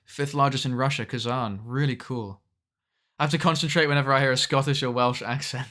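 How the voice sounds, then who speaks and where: Bright-voiced young streamer. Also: male voice, mid-range voice, steady tone, a little fast. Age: young adult. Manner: chatty, swears at the game. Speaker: streamer reading chat. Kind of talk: casual game-stream chat.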